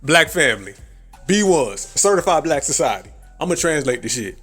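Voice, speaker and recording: A man hosts a live commentary stream in a brash, foul-mouthed style and often laughs at his own jokes. His voice sits a little high for a man. Faint music plays under his talk. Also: sing-song, moderate pace, fairly bright tone, slightly rough. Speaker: livestream commentary host.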